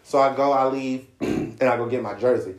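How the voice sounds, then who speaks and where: A man telling a long story in casual podcast chat, profane and animated, slipping into voices for other people. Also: medium pitch, normal speed. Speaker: podcast co-host. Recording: echoey room.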